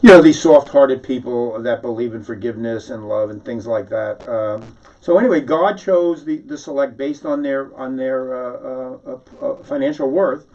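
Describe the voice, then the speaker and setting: Speaking at a moderate pace in a mid-range, darkish voice, this satirical monologuist from New York City rambles through a one-sided mock phone call, sarcastic and needling, with many restarts. It's captured in a dull, distant lo-fi recording.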